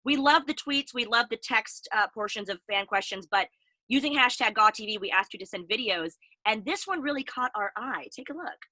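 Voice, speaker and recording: A young adult woman co-hosting a casual talk show, telling stories in an animated, chatty way. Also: a little high, brisk, no room sound. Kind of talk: casual chat.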